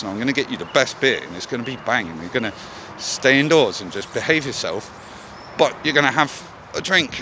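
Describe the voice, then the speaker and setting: A man's voice: mid-range voice, background noise. A man vlogging in a candid, casual monologue, swearing often as he talks.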